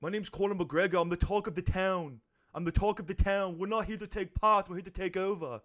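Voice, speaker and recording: Brash Irish brawler trash-talking with boastful swagger, a man doing it high and pushed, shaky put-on Irish accent. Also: fairly even intonation, fairly quick, fairly bright tone. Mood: cocky. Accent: put-on Irish slipping toward British.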